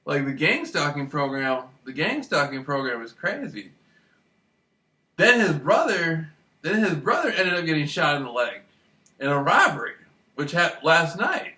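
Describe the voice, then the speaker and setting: A man's voice: fairly high pitch, very animated, moderate pace, sharp tone. A man telling rambling, profane stories in a casual monologue, often laughing as he talks. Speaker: vlogger. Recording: echoey room, voice far from mic.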